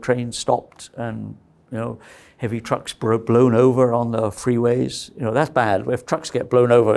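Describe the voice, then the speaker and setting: A man's voice: medium pitch, creaky, a little mellow. A middle-aged man giving a university lecture in a conversational way, often checking in with his listeners by asking "right?" and "okay?".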